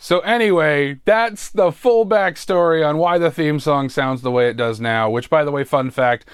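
A man hosting his own podcast, chatting through show housekeeping in an animated, jokey way with wry asides, close on a podcast mic. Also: on the high side, normal speed, smooth, dry recording. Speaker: podcast host and producer. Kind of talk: casual solo podcast housekeeping.

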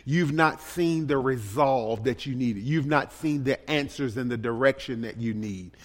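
A man preaching a sermon as a pastor, pleading and impassioned, dropping to a hush and then rising to shouts. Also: medium pitch, a little slow. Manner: impassioned, pleading, swinging between hushed and shouted. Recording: long reverb of a large hall.

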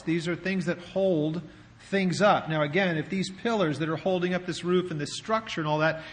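Speaking from a church sanctuary, a pastor with a fairly high, fairly bright voice preaches conversationally, leaning on rhetorical questions. Long hall reverb carries through the audio.

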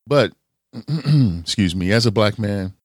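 A man hosting a podcast in a casual, drawn-out talking manner. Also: fairly low pitch, lively intonation, no echo, studio quality. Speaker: podcast host.

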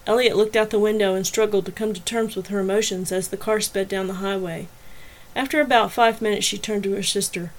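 A woman's voice: medium pitch, rough recording. Woman reading a novel aloud. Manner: even, measured storytelling. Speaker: audiobook narrator and podcast host.

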